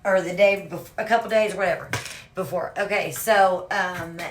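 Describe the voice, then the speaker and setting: A woman's voice: lowish voice, steady tone, normal speed, a little hiss or hum. A woman casually telling her own story to viewers, rambling and swearing freely, often calling out "you guys".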